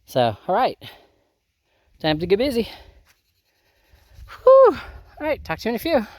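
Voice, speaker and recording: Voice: medium pitch, very animated, fairly quick, no room sound. A gardening vlogger chatting to camera outdoors in a garden and hoop tunnel, thinking aloud with many ums, filmed on a handheld phone. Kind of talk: casual chat to camera while working.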